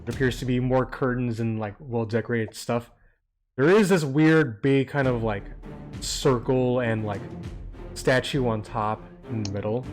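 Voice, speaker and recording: A man's voice: mid-range voice, a little slow. A man running a tabletop game as game master, describing scenes in a loose, rambling way with many hesitations. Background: soft background music.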